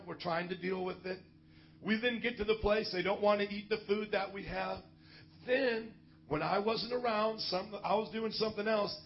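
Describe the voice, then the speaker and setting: High-voiced pastor telling lively stories. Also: male voice, muffled recording. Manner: animated, joking, often laughs mid-story. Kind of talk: sermon storytelling.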